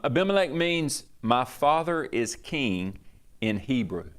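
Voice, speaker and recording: A man, a pastor teaching a Bible study in a chatty, digressive way in a church. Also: medium pitch. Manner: chatty, digressive, acts out quoted speech.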